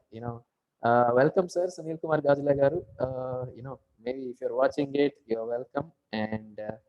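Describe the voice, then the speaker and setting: A man's voice: medium pitch, darkish tone, poor audio. A man with an Indian English accent giving feedback as a speaking coach in an online class. He talks over a video call and explains at length, often saying "you know" and "okay, right.".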